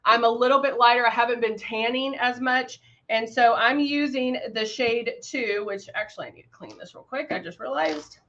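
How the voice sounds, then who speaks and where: A woman's voice: on the high side, moderate pace, few pauses, fairly bright tone, dull audio. A woman casually demonstrating airbrush makeup on a livestream, greeting viewers by name while she works. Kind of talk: casual live makeup demo chatting with viewers.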